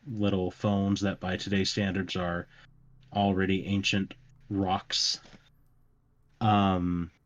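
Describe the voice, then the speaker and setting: A man's voice: fairly low pitch, lo-fi sound. A young man chatting casually on a podcast, telling stories in a rambling, self-mocking way with plenty of fillers. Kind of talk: casual chat.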